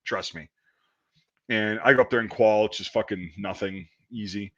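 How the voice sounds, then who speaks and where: A man's voice: lowish voice, steady tone, brisk. A man in his thirties telling profane, rambling army stories in casual chat. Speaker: podcast host. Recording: dull lo-fi audio.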